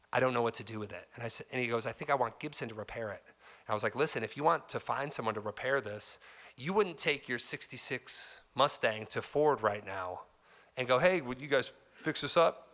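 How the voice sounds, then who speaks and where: A man talks to a live crowd at a music store clinic, loose and chatty as he acts out the people in his story. His voice sits at an everyday pitch for a man. It has a bright, forceful edge. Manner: chatty and loose, heavy on "like" and "dude", acts out quotes. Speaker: guest guitarist giving a store clinic. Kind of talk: casual storytelling to a live audience.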